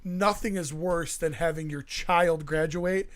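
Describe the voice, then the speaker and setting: A man's voice: fairly high pitch, fairly even intonation, unhurried. A man co-hosting a podcast, joking and swearing in casual chat. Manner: joking, profane. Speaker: podcast co-host.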